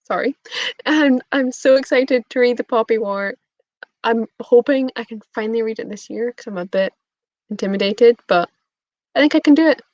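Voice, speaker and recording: A woman's voice: on the high side, normal speed, darkish tone, dry recording. A young woman chatting casually on a live stream, bubbly and giggly as she answers her chat. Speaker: booktube streamer. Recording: dull lo-fi stream audio.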